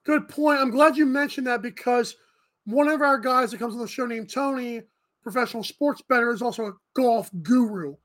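A woman's voice: fairly high pitch, moderate pace. A woman hosting a morning show podcast, chatting casually with a guest and laughing often.

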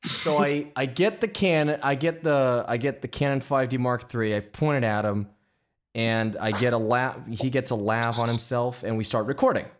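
A man's voice: medium pitch, moderate pace. Man hosting, telling stories animatedly. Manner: animated anecdotes with restarts. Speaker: podcast host. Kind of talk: casual storytelling interview.

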